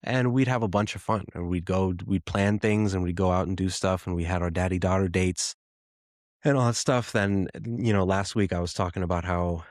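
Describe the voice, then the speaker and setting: Man, very deep voice, dry close sound, reflective and halting storytelling, podcast host. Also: steady tone, no room sound. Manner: reflective, halting, with frequent restarts. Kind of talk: casual personal storytelling.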